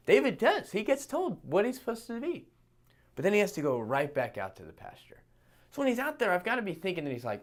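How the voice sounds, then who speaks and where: Casual, animated male preacher. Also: high voice, a little fast. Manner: casual, animated storytelling with playful asides. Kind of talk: sermon.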